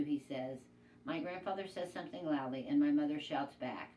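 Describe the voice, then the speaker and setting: Low-voiced woman reading a novel aloud. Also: moderate pace, recorded from a distance. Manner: plain, steady storytelling. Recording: echoey room, away from mic, faint noise.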